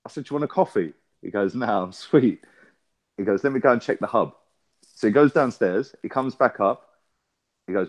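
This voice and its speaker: Swearing man telling a rant. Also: on the low side. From England. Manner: swearing, storytelling with rapid back-and-forth. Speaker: podcast co-host. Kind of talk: casual chat.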